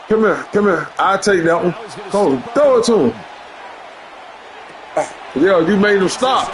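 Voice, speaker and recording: A man streaming a football video game, loudly trash-talking his online opponent with slang and profanity. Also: high-pitched, lively intonation, a little slow, pauses often. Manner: loud, boastful trash talk with heavy slang and profanity. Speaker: gamer streamer.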